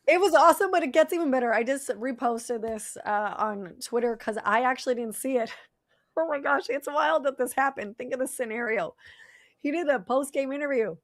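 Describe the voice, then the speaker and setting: A woman's voice: sits high, fairly quick, no echo, clean studio sound. A woman from Saskatchewan with a Saskatchewan Canadian accent, co-hosting a sports talk show in casual chat, telling stories animatedly and laughing often.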